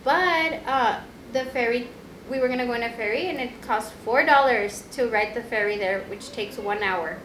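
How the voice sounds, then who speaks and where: A young woman co-hosting a podcast, telling a chatty travel story and laughing often. Her voice sits a little high. The room is echoey, with a faint hiss under her voice. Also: moderate pace, a bit bright. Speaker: podcast co-host. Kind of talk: casual chat.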